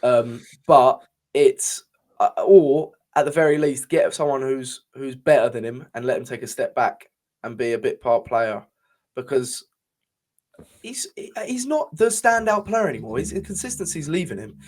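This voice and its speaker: A young man co-hosts a casual podcast chat with a mid-range, darkish voice at a moderate pace. He talks with passion and frustration, swears freely, and often restarts his sentences.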